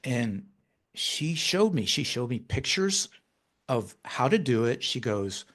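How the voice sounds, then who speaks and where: A man, an author as podcast guest, telling a personal story in conversation, halting with frequent restarts and turning animated when he quotes himself. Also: mid-range voice.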